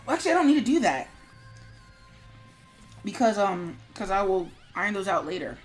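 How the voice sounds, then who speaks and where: With faint music in the background, a woman streamer talks to viewers while animating, her mid-range voice sing-song and a little fast, broken by long pauses. She rambles casually, full of fillers and mumbling to herself.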